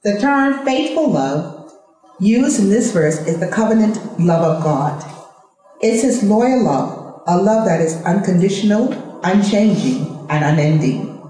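A woman in a Bible study group, reading a study guide aloud at a steady pace. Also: mid-range voice, measured pace, heavy reverb, rough recording.

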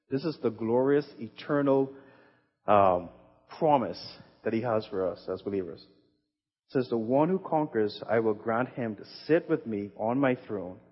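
Male pastor, husky, earnest sermon delivery; muffled recording. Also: mid-range voice. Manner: earnest, emphatic scripture reading with conversational asides. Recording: echoey hall, muffled sound.

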